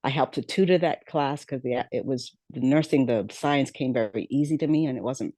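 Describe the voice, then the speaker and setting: Woman, middle-aged, podcast guest, storytelling, relaxed warm tone, dry close sound. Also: extremely low pitch, normal speed, dry recording. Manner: conversational, many fillers, acts out quoted dialogue.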